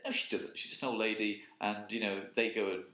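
A man's voice: on the low side, flat delivery, fast, bright, forceful tone. A man co-hosting a podcast in casual chat, jokey and rambling. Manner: jokey, rambling, puts on silly voices. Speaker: podcast co-host. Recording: roomy echo.

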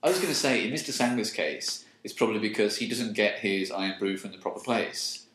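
A man's voice: lowish voice, a little fast, a bit bright, echoey room, slight background noise, low-quality recording. A man chatting casually as a co-host, teasing his partner with dry, wry asides. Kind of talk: casual chat.

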